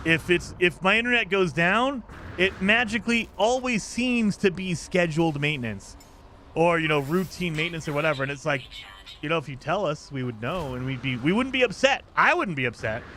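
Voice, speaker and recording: A male game streamer chats casually and rambles on, his voice bright and forceful. It sits a touch higher than most men's, with a faint hiss of noise underneath. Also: animated, fairly quick. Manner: rambling, ranting, reads chat aloud. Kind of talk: casual live-stream chat.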